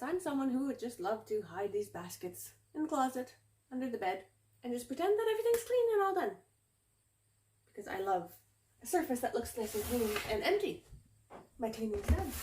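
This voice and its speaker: A woman's voice: medium pitch, darkish tone, roomy sound, slight background noise. A woman chatting casually to viewers while she cleans and tidies her bedroom, self-mocking and talking straight to the camera. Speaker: home cleaning vlogger. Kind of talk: casual vlog narration while tidying. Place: bedroom at home.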